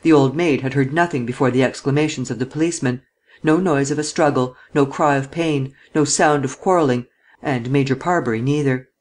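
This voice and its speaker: A man narrating an audiobook of a detective novel in a measured storytelling manner. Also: medium pitch. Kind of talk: scripted narration.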